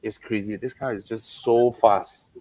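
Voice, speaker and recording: A man, chatting casually and excitedly describing driving, with sound effects. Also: fairly low pitch, unhurried, a crowd in the background. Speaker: panelist. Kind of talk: casual chat.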